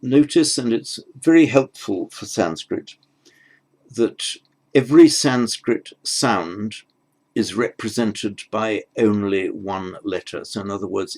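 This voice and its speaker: A man with a low voice gives a pronunciation lesson at an unhurried, deliberate pace. He patiently sounds out each consonant and repeats it so the learner can follow. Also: darkish tone, low-quality recording. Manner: patient, demonstrates sounds slowly and repeats them. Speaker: teacher.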